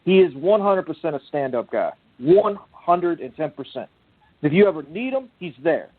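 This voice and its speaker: A man's voice: a little high, very animated, normal speed, husky, no room sound. A man co-hosting a casual online talk show, rambling, profane and earnest as he talks about a friend. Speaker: podcast co-host. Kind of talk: casual chat. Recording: tinny phone-line audio.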